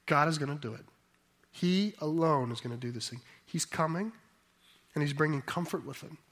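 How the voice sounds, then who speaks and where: A man preaching a sermon in a voice a touch higher than most men's. He muses aloud in a reflective way, then presses his points with emphatic force. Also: moderate pace, fairly bright tone. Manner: thoughtful, reflective, rising to emphatic. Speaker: pastor.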